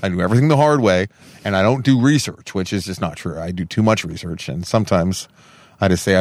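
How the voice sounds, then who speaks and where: A man's voice: sits low, fairly quick, a little mellow, dry recording. A man co-hosting a podcast, chatting casually in a rambling, self-deprecating way and swearing freely. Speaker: podcast co-host. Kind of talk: casual chat.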